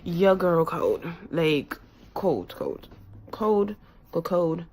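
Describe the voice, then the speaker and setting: A woman's voice: on the low side, big pitch swings, slow pace, a little mellow, a little hiss or hum, low-quality recording. A young woman from West Africa, sick and dizzy in bed at home, chatting playfully to her viewers in slang and repeating words for effect. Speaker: vlogger. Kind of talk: casual chat to camera.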